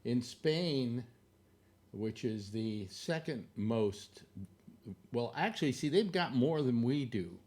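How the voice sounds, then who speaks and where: A man's voice: medium pitch, expressive, takes it slowly, darkish tone. A man hosting a casual live stream from home, rambling and joking, out of breath and tripping over fillers. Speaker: host of a live online show. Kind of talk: casual livestream talk over a map.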